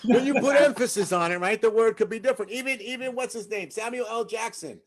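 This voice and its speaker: A man's voice: high voice, fast. A man hosting an open mic comedy show over a video call, doing a chatty stand-up bit, laughing and asking the crowd "right?".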